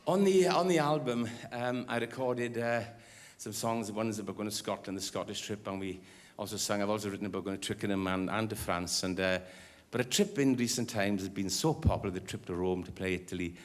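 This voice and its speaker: A man's voice: on the low side, fairly quick, few pauses. A Welsh man telling rambling anecdotes between songs on a concert stage, with frequent restarts. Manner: chatty, rambling, restarts often. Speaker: singer and storyteller on stage. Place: concert stage before an audience. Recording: live hall reverb with music.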